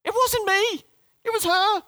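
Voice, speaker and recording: Give me a man playing a whining, blame-shifting Adam in a high, bright voice. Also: unhurried, dry recording, full character voice.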